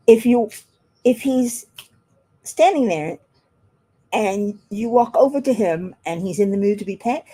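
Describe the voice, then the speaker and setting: A woman's voice: medium pitch, dark tone, slightly rough. A woman chatting casually while she works on a craft at home, rambling and laughing often. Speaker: craft vlogger.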